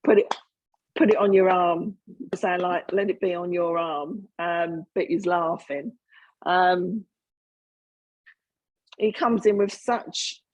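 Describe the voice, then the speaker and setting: A woman giving a spiritualist mediumship reading in a halting, earnest way full of fillers and restarts. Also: on the low side, a little mellow.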